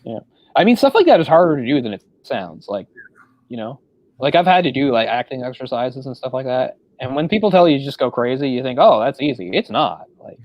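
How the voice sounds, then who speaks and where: A man in casual chat about movies, his voice at an ordinary male pitch. He rambles and fills the gaps with "like" and "you know". The recording sounds dull and lo-fi. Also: big pitch swings, a little fast, no room sound. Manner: rambling, filler-heavy. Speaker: podcast co-host. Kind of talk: casual film discussion.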